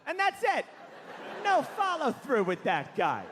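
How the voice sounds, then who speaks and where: Animated high-voiced male comedian in his thirties. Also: moderate pace. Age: 30s. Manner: animated storytelling, acts out characters. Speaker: stand-up comedian. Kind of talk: stand-up comedy. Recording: echoey hall with faint noise.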